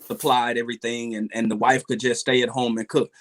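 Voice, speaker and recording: Earnest halting man giving advice. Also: mid-range voice, flat delivery. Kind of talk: casual livestream chat.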